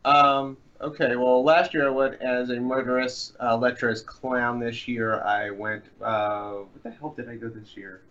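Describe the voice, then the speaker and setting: A man's voice: mid-range voice, little pitch movement, unhurried, hardly any pauses, fairly bright tone. Male guest, rambling and jokey, muffled lo-fi audio. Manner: joking, meandering, with fillers. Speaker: podcast guest. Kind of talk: casual interview answers. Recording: dull lo-fi sound.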